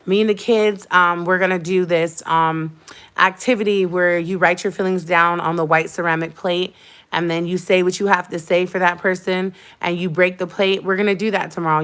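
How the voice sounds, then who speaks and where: A woman's voice: on the low side, a bit bright, smooth. Young woman venting on her vlog, heated and emphatic, repeats herself a lot. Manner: heated, emphatic storytelling with repetition. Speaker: vlogger. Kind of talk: casual livestream chat.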